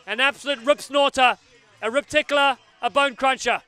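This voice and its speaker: A man calling a live rugby match from a commentary booth, excitable and often shouting. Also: extremely high pitch, normal speed, clear, resonant tone, faint music behind. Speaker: play-by-play commentator. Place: commentary booth at an outdoor stadium.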